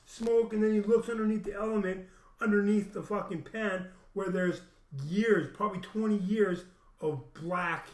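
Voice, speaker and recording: A man's voice: sits high, a little hiss or hum. A young man telling a long, rambling story full of swearing, restarting often and acting out what other people said. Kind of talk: casual storytelling rant. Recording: echoey room.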